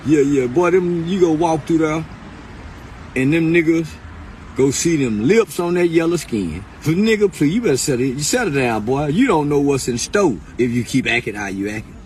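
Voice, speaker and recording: High-pitched man ranting loud and profane. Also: expressive, normal speed, slight background noise. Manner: loud, profane, laughing, swings between high outbursts and low mutters. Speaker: podcast host. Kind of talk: freestyle comedic rant.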